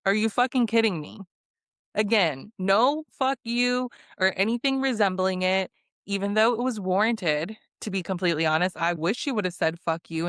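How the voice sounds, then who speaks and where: A woman recaps a reality dating show in a loose, chatty rant, her voice sitting a little low. She gets exasperated, swears freely and laughs as she quotes the cast. The sound is dry and close, with no room around it. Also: no echo. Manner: animated, exasperated, swearing, laughing, quoting people. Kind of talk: casual recap commentary.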